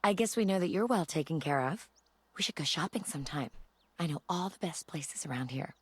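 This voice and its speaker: Smug glamorous housewife, breathy and bouncy, dry recording. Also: female voice, sits low, lively intonation, a little fast, no room sound. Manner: boastful, smug. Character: glamorous vain former fashion model housewife. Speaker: video game character.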